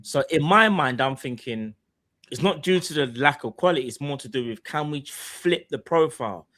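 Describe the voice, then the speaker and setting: A man's voice: a little high, lively intonation, normal speed, fairly bright tone. A young man co-hosting a casual football podcast, talking in a rambling way full of "like". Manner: rambling, lots of "like" fillers. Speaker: podcast co-host.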